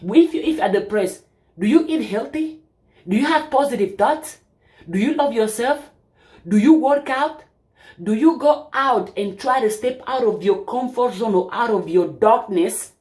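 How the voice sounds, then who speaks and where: A woman's voice: on the high side, lively intonation, normal speed, darkish tone. Emphatic woman preaching self-help. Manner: emphatic, preachy, piles up rhetorical questions. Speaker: channel host. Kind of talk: opinion monologue to camera.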